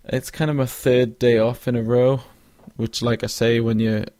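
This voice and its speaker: A man's voice: medium pitch, little pitch movement, normal speed, warm tone, dry recording, clean studio sound. A young man hosting a casual solo podcast, rambling with lots of fillers and restarts and yawning now and then. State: yawning, drowsy. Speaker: podcast host.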